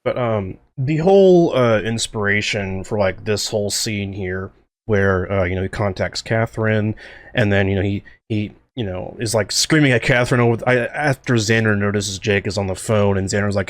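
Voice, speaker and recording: This man has a low voice and gives casual director commentary with eager, rambling energy, full of "like" and "you know." The sound is dry and close, with no room around it. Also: brisk, no room sound. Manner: excitable, rambling with many fillers. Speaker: series creator and co-host.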